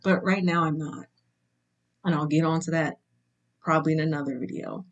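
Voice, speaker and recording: A young woman vlogger telling a personal story to camera in a candid, wry way, slowing down to stress her points. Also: low-pitched, fairly even intonation, dull audio. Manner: candid and wry, slows for emphasis.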